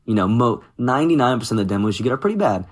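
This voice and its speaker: This medium-pitched man speaks very fast, sharing music-career anecdotes in a relaxed interview. In his thirties, he animatedly voices other people's lines with lively impressions.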